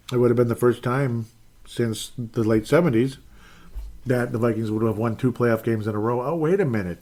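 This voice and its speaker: A man's voice: on the low side, a little mellow. A man in his forties, maybe, hosting a casual live sports show, rambling, self-deprecating and exasperated as he reads chat comments. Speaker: podcast host reading chat comments.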